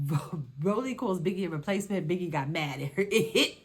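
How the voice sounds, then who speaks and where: A woman's voice: low-pitched, fairly quick, slightly rough. Sassy, dismissive woman reviewer. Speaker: reality show reviewer. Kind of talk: casual commentary.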